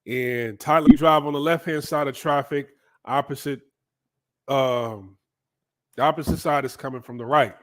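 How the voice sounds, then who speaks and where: A man from the United States casually telling a story in an animated, profane way, often checking in with the listener. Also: medium pitch, normal speed. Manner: animated, profane, frequent "right?" asides. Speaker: vlogger.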